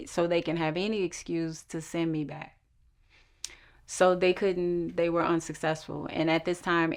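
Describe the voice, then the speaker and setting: A woman telling a personal story, acting out the quoted voices of the people in it. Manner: acts out quoted voices with shifts in pitch.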